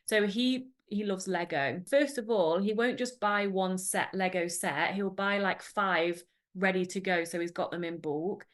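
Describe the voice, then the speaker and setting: A woman's voice: mid-range voice, unhurried. An Englishwoman from England with an English accent, a guest on a podcast in casual chat, gushing and enthusiastic, talking from her home. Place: home in the Netherlands.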